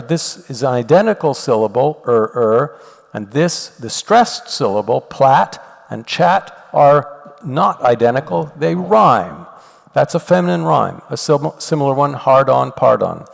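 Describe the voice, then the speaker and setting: An older man giving a university lecture, explaining step by step and reading poetry aloud in an animated way. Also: mid-range voice, measured pace, gravelly. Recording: long hall reverb.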